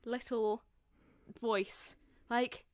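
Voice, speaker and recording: Young woman, podcast co-host, casual storytelling, higher-pitched, dry recording. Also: steady tone, extremely slow, a little mellow, dry recording. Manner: chatty storytelling, acting out quotes. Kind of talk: casual chat.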